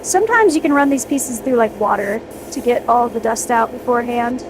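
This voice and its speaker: A woman's voice: fairly high pitch, a little fast, noisy background. A young woman streaming casually while airbrushing miniatures, chatting with her viewers and cheering herself on in an upbeat, playful way.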